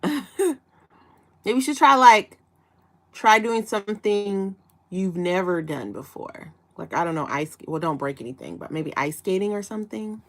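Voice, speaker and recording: A giggly woman in her 20s from Chicago, USA, chats casually with viewers on a livestream, reading out their comments. Her mid-range voice is expressive and a little slow.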